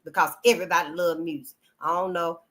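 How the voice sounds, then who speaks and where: A woman with a fairly low, bright voice talks fast in a mostly even tone. She hosts her own channel and chats with her viewers in a frank, earthy, emphatic way, calling them honey and y'all.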